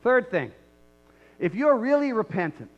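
A man's voice: extremely high pitch, sing-song, a little slow. A male pastor preaching a sermon in a conversational way, repeating key lines and checking in with the congregation. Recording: muffled lo-fi recording.

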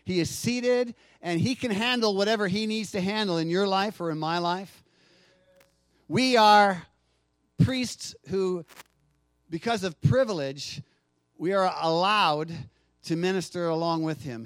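A pastor delivering a sermon in a fairly high voice, swinging between hushed, intimate passages and loud, emphatic declarations. He calls out to his congregation for responses. The sound is dry, with no room reverb. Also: unhurried, pauses often.

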